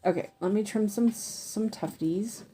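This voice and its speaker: A woman's voice: medium pitch, unhurried, dark tone, a little hiss or hum. A woman hosting a cross-stitch livestream, chatting casually and hesitantly while she works and answers viewer comments. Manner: hesitant and rambling, many fillers and trailing thoughts.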